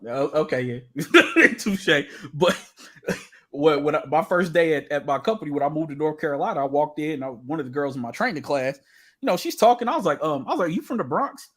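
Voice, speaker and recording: With a voice a little high and a fairly quick pace, a podcast co-host spins stories in relaxed chat. He's animated and laughs often as he tells them.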